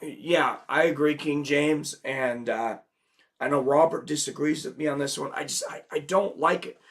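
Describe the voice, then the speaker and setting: A man with a slightly high voice hosts a casual livestream while sick and losing his voice. At a moderate pace, he wanders through viewer comments, filling the gaps with plenty of fillers.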